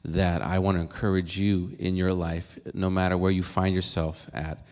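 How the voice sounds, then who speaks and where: Gentle low-voiced man preaching. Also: level tone, moderate pace. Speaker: minister interviewing his grandmother. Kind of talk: church interview and sermon.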